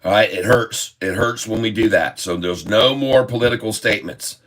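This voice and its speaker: Folksy man talking stocks, low voice. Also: moderate pace, a bit bright. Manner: folksy, addresses viewers as folks. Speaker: stock market streamer. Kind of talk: casual live-stream commentary.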